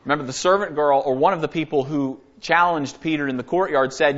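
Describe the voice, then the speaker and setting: A man's voice: fairly high pitch, a little fast, fairly bright tone, dull audio. A man giving an earnest, conversational Bible study sermon, reading verses aloud and explaining them. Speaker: Bible teacher.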